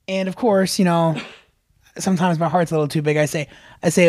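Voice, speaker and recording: Podcast co-host, male, high-pitched and lively, acts out quotes in dry close-mic chat. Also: moderate pace, no echo. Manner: animated storyteller, acts out quotes, laughs often. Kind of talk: casual storytelling chat.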